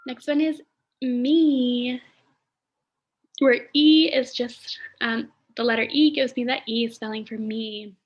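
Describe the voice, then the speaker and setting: In a muffled recording, a woman whose voice is a little high and fairly even in intonation leads a phonics lesson for young children. Pausing and using fillers as she thinks aloud, she sounds out letters and words with careful enunciation.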